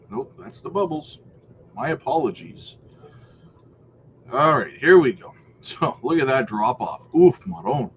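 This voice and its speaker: A man running a crypto news channel offers casual market commentary, chatty and hedging, with lots of fillers and frequent throat clearing. His voice is mid-range, and the lo-fi recording carries a little hiss or hum.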